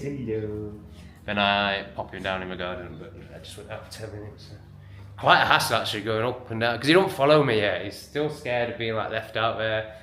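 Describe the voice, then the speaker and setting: An English man talking casually to camera, blunt and rambling, swearing freely, at home in his flat. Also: fairly low pitch. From England. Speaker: vlogger. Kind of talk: casual vlog monologue. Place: flat with a balcony.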